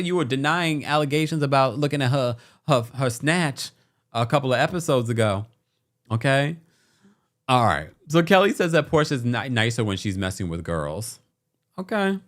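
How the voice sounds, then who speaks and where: A man hosting a reality TV recap podcast, chatting casually and talking straight to his viewers. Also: fairly high pitch.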